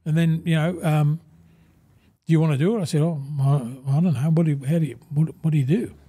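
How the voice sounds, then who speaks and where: An Australian man in his sixties, a former footballer turned broadcaster, telling animated stories in an interview and acting out quoted conversations. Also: on the high side, a little fast, husky. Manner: animated yarn-spinner, acts out quoted dialogue, says "mate" constantly. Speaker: guest, former rugby league player and broadcaster. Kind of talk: casual interview storytelling.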